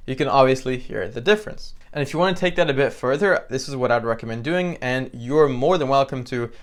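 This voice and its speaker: A man teaching piano in a relaxed, conversational way with frequent fillers, counting beats aloud. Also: mid-range voice, a little fast. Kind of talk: instructional tutorial. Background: piano playing between phrases.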